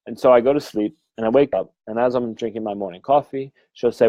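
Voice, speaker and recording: A man's voice: mid-range voice, lively intonation, normal speed, darkish tone, no room sound, rough recording. A man, middle-aged, a medium giving a frank, rambling live-stream talk full of fillers and swearing. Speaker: medium and mentor.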